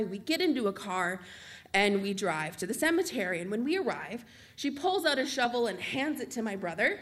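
A young adult woman telling a personal story on stage, with a wry, lively comic delivery. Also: on the high side.

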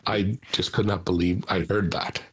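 A man interviewed about finding his family, telling it in an emotional, halting way with restarts. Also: deep voice, fairly even intonation, breathy edge. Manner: emotional, halting, repeats words when moved. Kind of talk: personal storytelling in an interview.

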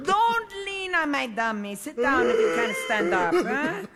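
A woman's voice: sits high, very animated, measured pace, a loud crowd. An actress playing a blunt but kind woman at home who talks plainly and grows tearful. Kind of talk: film drama acting.

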